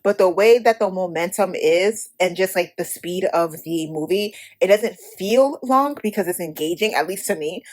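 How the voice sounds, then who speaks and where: A Haitian-American woman hosting a podcast, giving a blunt, profane, animated movie review in casual talk. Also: lowish voice, moderate pace, hardly any pauses. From United States. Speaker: podcast host.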